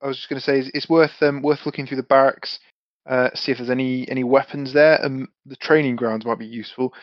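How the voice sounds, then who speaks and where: A man's voice: medium pitch, fairly even intonation, fast, dry recording, dull audio. A man playing a tabletop game with friends, chatty and casual with frequent restarts. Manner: chatty, stumbling restarts, swears. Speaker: player.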